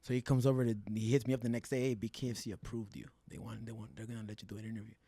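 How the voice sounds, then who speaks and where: A young man from South Central Los Angeles, a fighter telling animated, profane stories as a podcast guest and slipping in Spanish words. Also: lowish voice, rapid-fire, dry recording. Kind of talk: casual podcast storytelling.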